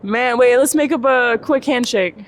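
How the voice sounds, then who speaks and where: A podcast host chatting casually, eager and full of quick agreeing asides. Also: medium pitch. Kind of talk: casual chat.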